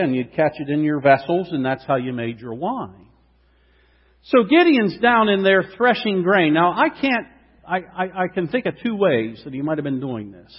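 Husky guy preaching, high lively voice, acts out the dialogue, echoey muffled hall. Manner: animated storytelling, acts out biblical dialogue. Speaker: pastor. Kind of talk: sermon. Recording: muffled hall with long reverb.

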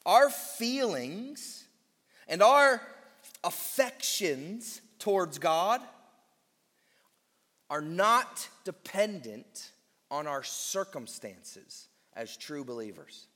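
Male pastor, sermon delivery, unhurried and emphatic, lively pitch. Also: in a large hall. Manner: emphatic preaching, slows on key words, quick asides.

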